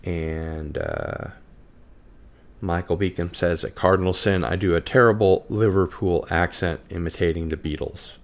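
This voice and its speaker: A man's voice: deep voice, unhurried, gravelly. A man hosting a casual podcast, chatting loosely and reading out viewer comments. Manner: relaxed, reads out viewer comments. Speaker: podcast host. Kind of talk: casual live-stream chat.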